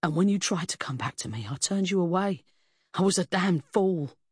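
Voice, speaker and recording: A woman reading an audiobook, voicing an anxious, earnest middle-aged male police inspector who speaks low, halting and solemn. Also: animated, breathy edge, no room sound, clean studio sound. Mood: earnest, tender. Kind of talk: audiobook character voice.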